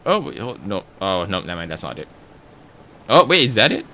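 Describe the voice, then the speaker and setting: A man with a low voice streams a game and chats casually to himself. He hums and cracks jokes, and his pitch swings widely. The tone stays loose and easygoing. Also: big pitch swings, a little fast, pushed and bright, slight background noise. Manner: talks to himself, hums and jokes while playing. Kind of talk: casual gameplay commentary.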